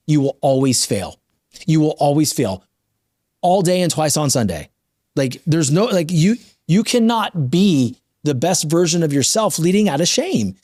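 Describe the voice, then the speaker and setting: A man in his thirties hosting a podcast interview, talking in an animated, emphatic, motivational way. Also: on the high side, no echo, clean studio sound. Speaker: podcast host. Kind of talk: casual interview talk.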